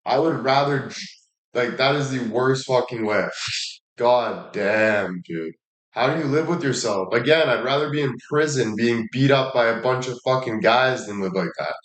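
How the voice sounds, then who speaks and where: A man's voice: medium pitch, moderate pace, a bit bright. A man talking in a casual monologue, blunt and emphatic, swearing heavily and repeating himself for emphasis. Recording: echoey room.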